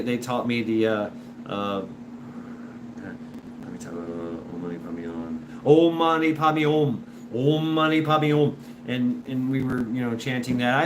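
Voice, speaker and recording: A man hosting a show in a casual, rambling monologue, full of restarts and repeated words, and animated when he imitates other people. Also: medium pitch. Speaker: show host. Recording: noisy background.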